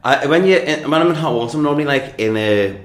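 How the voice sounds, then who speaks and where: A man's voice: fairly high pitch, animated, quick pace, slight background noise. A man from Liverpool with a Scouse accent, a comedian guest chatting in a cheeky, crude, gossipy way. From Liverpool, England. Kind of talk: casual chat. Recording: echoey room.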